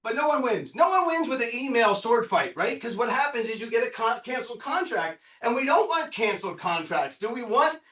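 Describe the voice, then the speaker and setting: A man in his fifties leading a live real estate training workshop, excitable and loud, quizzing the room and swearing freely. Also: very high voice, brisk, few pauses. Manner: excitable, loud, bursts into yelling; quizzes the audience, punchy and profane. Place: meeting room with a live audience. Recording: echoey room, picked up from a distance.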